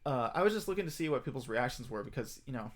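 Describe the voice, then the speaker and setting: Male streamer, casual rambling talk, filler-heavy, mid pitch, gets excitable. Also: very fast.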